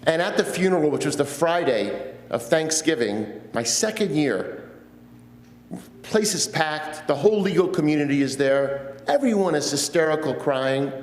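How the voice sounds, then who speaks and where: Fifties guy rabbi giving a sermon, earnest storytelling, bit high voice, echoey church. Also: animated, moderate pace. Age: 50s. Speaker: guest preacher, rabbi. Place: church sanctuary.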